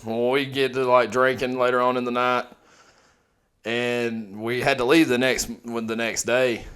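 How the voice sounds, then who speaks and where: A young man tells a story easily and without hurry, swearing along the way. His voice sits at a medium pitch, in relaxed podcast banter. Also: measured pace, clear, resonant tone. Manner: laid-back, profane anecdote telling. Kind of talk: casual storytelling chat.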